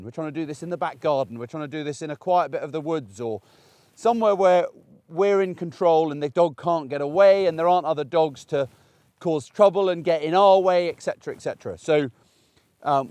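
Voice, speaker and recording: A man's voice: a little high, darkish tone, dry recording. A man, a dog trainer, chatting and explaining as he demonstrates puppy training outdoors, with frequent restarts. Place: outdoors in a paddock.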